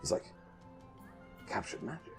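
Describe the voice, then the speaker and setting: A man's voice: unhurried, soft background music. A man narrating as dungeon master in a tabletop game, talking animatedly and voicing the characters. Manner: animated, drops to a hushed voice for a character, bursts into loud outbursts.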